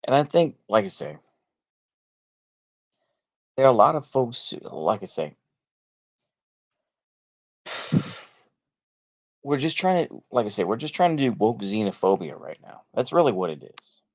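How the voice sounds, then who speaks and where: This American man, a Texan-accented political vlogger, speaks in a mid-range, sing-song voice at a measured pace with frequent pauses. His casual monologue is blunt, sarcastic, and rambling, loaded with fillers and repeated "like I say."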